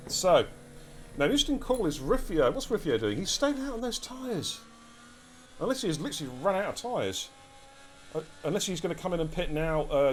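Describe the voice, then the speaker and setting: A man giving live commentary on an online racing league, excitable and chatty, talking straight to his viewers. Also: fairly high pitch, slight background noise. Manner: excitable, chatty, addresses chat directly. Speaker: race commentator and streamer. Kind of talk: live esports race commentary.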